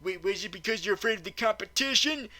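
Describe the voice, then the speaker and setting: Excitable stammering man ranting. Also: high voice, quick pace. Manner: stammering, excitable, swearing, mock outrage. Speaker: movie recap host. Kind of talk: comedic movie recap rant.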